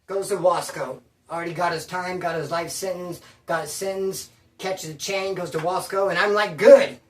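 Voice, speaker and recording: A man's voice: sits high, steady tone, normal speed, fairly bright tone, far from the mic, slight background noise. A man telling his own prison story in casual first person, full of street slang and calling the listener bro. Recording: roomy sound, away from the mic.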